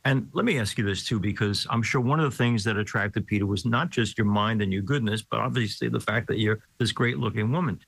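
A man's voice: lowish voice, a little fast, creaky, hardly any pauses, slightly rough, dry recording, low-quality recording. A middle-aged man hosting an interview, an easygoing interviewer who asks friendly questions. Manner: warm, easygoing interviewer who laughs readily. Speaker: host.

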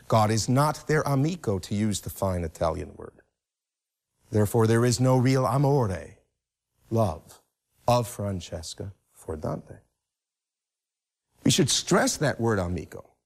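A man lecturing on a text at an unhurried pace. His pitch rises and falls widely as he leans on key phrases and repeats them for emphasis. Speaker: literature lecturer. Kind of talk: close-reading lecture.

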